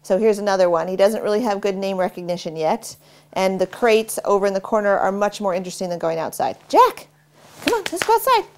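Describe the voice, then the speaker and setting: A middle-aged woman dog trainer explaining basic commands in a relaxed, instructional way while working with a dog. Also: fast. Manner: relaxed explaining, cheerful high praise to the dog. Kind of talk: instructional demonstration.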